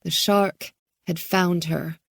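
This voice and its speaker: A woman narrating an audiobook thriller in a measured, calm way. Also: lowish voice, gravelly, husky, no echo, studio quality. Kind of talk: scripted narration.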